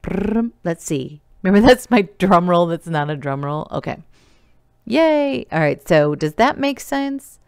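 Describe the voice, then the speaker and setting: A woman's voice: fairly low pitch, expressive, moderate pace, hardly any pauses, smooth, no room sound, studio quality. A woman teacher giving a recorded remote lesson, explaining each step patiently and counting elements aloud.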